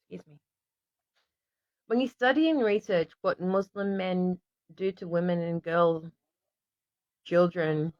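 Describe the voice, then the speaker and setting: A woman's voice: on the low side, no room sound. An Australian woman hosting a casual stream, reading aloud to viewers and often stopping to apologize and restart. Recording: dry, slightly dull lo-fi sound.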